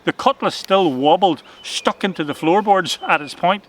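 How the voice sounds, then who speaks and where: A man reading a children's adventure story aloud in an expressive, dramatic way. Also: sits high, moderate pace, hardly any pauses, slight background noise.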